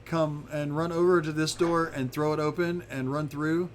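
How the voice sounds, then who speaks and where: A man with a slightly high voice narrates a tabletop adventure as game master. He rambles easily, restarting his sentences, over a faint background hiss. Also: moderate pace. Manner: relaxed, rambling, many fillers and restarts.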